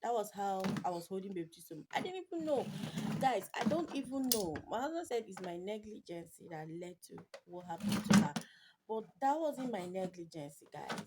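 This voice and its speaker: A Nigerian mommy vlogger tells an emotional personal story to camera in a mid-range voice with big pitch swings, at a moderate pace. Her retelling rambles and mixes English with Pidgin, captured in a noisy home video recording.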